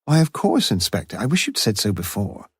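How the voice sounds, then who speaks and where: A man's voice: on the low side, sing-song, a little fast, breathy edge, no echo, studio quality. A man voicing a fussy, anxious middle-aged landlady in an audiobook, flustered and eager to please. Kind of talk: audiobook character voice.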